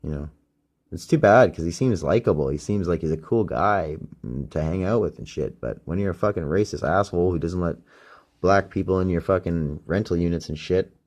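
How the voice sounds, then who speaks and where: A Canadian man hosts a solo podcast, using his phone as a microphone. His low, darkish voice moves briskly as he rambles and rants, swearing heavily.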